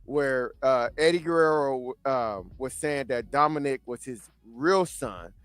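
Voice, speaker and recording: A man's voice: mid-range voice, unhurried, clean tone, no echo. A man hosting a casual comic book chat show, telling stories and laughing often. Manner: laughs often, animated storytelling. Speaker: host.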